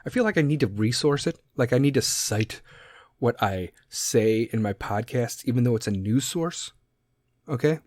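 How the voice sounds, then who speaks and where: A male podcast host rants bluntly and sarcastically, swearing in nearly every sentence. His voice swings widely between low grumbles and high emphatic peaks. The recording is dry and close, with no room sound. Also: lively intonation, normal speed, a little mellow, no echo. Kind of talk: profane solo podcast rant.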